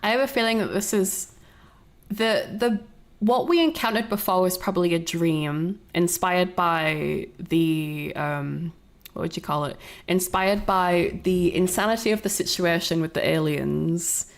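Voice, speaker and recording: Brief: a woman streamer, lower-pitched, talking through a film in a loose, rambling way. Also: a little slow. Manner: rambling, swearing, laughing. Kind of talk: casual reaction commentary.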